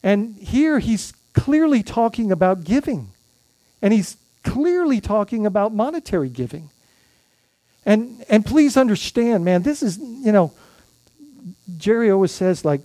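Mellow-voiced conversational male pastor. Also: sits high, big pitch swings, measured pace, dry recording. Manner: conversational, frequent restarts and tag questions. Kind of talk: sermon.

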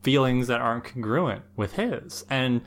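Man podcast cohost, mid-pitched, earnest and analytical. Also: animated, unhurried, slight background noise. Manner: earnest, analytical, rising with emphasis. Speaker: podcast co-host. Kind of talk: casual analytical chat.

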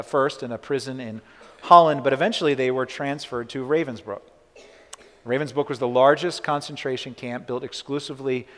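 A male pastor preaching a sermon, telling a story with earnest emphasis and acting out the quoted voices. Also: mid-range voice. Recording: reverberant church hall.

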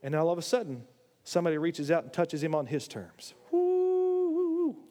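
A man preaching a sermon in a church, animated, swinging between loud, high exclamations and low, quiet asides. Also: a little fast. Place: church sanctuary. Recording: long hall reverb.

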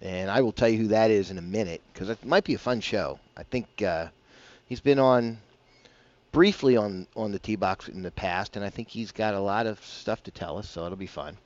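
A man's voice: fairly low pitch, moderate pace, lo-fi sound. A man hosting a casual morning golf radio show, rambling and chatty with self-deprecating asides, on a broadcast mic. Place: broadcasting from a bar.

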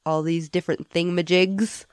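Chatty low-voiced young woman host. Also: level tone, clean tone, no echo, clean studio sound. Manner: chatty, laughs often, quick asides. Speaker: podcast co-host. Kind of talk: casual chat.

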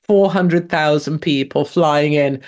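A woman's voice: low-pitched, slow, a little mellow. A woman in her fifties from England, hosting a show with brash, sarcastic, mocking solo commentary. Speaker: host.

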